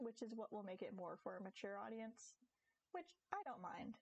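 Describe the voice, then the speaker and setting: A young woman chatting casually on a live game stream, giggly and animated, talking to her viewers and her cat. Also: mid-range voice, normal speed, vocal fry, muffled recording. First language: English. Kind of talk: casual live-stream chat while gaming.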